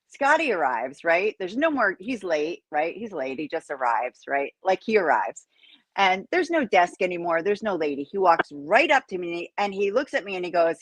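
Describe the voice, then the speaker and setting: Female podcast co-host, animated storyteller with a low-ish voice, recorded dry. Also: moderate pace, no room sound. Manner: animated storyteller, laughs often. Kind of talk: casual podcast chat.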